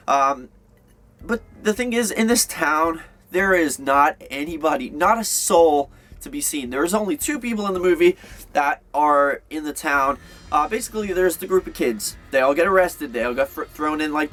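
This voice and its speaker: A man's voice: on the high side, fairly bright tone. A young man giving a casual, rambling movie review, full of fillers and restarts.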